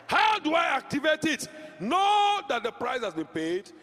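A man preaching a charismatic sermon, shouting declarations, speaking in tongues and leading the congregation in call-and-response. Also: extremely high pitch, wildly swooping pitch, a little slow. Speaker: pastor. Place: large church sanctuary. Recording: reverberant church hall.

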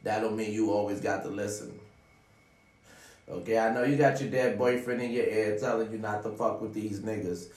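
A man with a lowish voice giving a rambling, profanity-laced motivational talk to his audience. He sounds like he is sitting back from the mic in an echoey room. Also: far from the mic. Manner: preachy, profane, repeats "ladies and gentlemen". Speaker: vlogger giving life advice. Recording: roomy sound, away from the mic.

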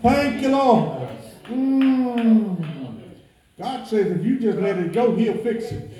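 A man with a very high voice leads a fervent prayer, slow and deliberate, repeating his thanks over and over and breaking into shouts of praise. His voice rings through a very echoey church sanctuary. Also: expressive.

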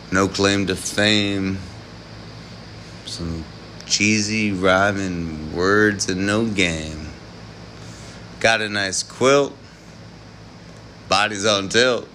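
A man with a lowish voice drawls through a late-night live stream, spinning loose improvised rhymes and preaching at his listeners. His delivery is unhurried and rambling, and a faint air-conditioning hum sits under it. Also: sharp tone.

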